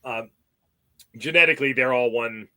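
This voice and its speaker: A man chatting as a podcast guest, telling relaxed stories and laughing often. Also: mid-range voice, moderate pace, clear, resonant tone. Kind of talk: casual chat.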